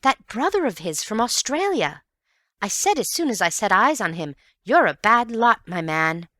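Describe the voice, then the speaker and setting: A woman's voice: medium pitch, big pitch swings, normal speed, bright, forceful tone, no room sound, clean studio sound, pitched above the performer's own voice. A woman voicing a gossipy, self-assured young maid in an audiobook reading, with a sing-song lilt.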